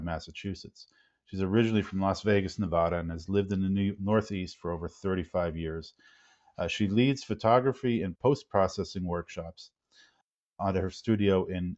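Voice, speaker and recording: A man hosting a webinar, reading a formal, measured introduction of a guest. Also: sits low, a little mellow. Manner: measured, formal, some ums. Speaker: webinar host. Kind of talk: read-out introduction. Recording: dull lo-fi webinar audio.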